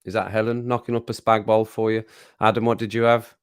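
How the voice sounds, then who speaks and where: A man's voice: on the low side, little pitch movement, brisk, clean tone. Brummie bloke rambling on his stream, cracking jokes and chuckling, middle-aged. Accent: Birmingham. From England. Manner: jokey, rambling, chuckles often. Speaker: livestream host. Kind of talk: casual chat to live chat.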